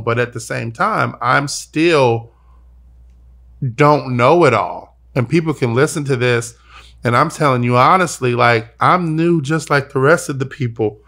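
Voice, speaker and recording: This podcast host is a young adult man whose medium-pitched voice sounds gravelly yet a bit bright, and he talks a little slowly. The conversation is personal and emotional, and he comes across as earnest, repeating himself while hunting for the right words.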